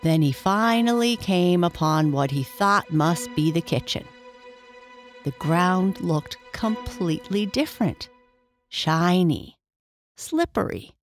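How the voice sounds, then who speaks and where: A woman narrates a children's bedtime story in a slow, soothing way. Her voice sits low. Soft music plays faintly behind. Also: animated.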